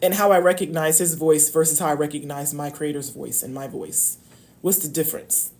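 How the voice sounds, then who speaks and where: A woman's voice: low voice, fairly even intonation, fairly quick, darkish tone. A woman coaching on love, talking casually and emphatically to viewers on a live stream. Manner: emphatic, preachy, addresses viewers as y'all.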